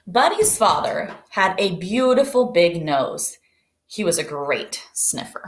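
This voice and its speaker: A woman's voice: fairly low pitch, takes it slowly, reverberant. A woman teacher reading a picture book aloud to children, asking them questions as she goes. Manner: lively, questioning, speaks to children. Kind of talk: read-aloud storytime.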